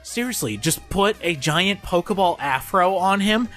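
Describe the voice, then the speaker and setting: A man hosting a let's play, talking through the game in a goofy, self-mocking way. His voice sits a bit high and leaps lively up and down, with game music playing clearly underneath. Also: unhurried. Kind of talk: gameplay commentary.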